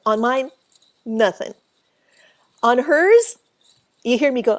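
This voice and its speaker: Woman guest, lively storyteller who acts out the voices of the people in her story, pitched a little high. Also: takes it slowly. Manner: animated, acts out quoted voices, laughs often. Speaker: author and paranormal researcher, guest. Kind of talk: casual storytelling interview.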